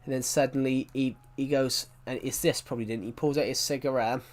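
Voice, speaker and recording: This man talks briskly in a mid-range voice with fairly even intonation, chatting loosely to his stream audience as he plays a game. His storytelling rambles, and he frequently stops to correct himself, then continues.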